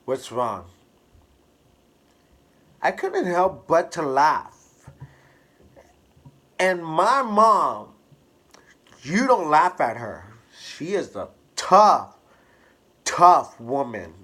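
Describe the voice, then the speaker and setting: A man candidly telling a personal story to camera in an expressive, drawn-out way. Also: fairly high pitch. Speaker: hairstylist vlogger.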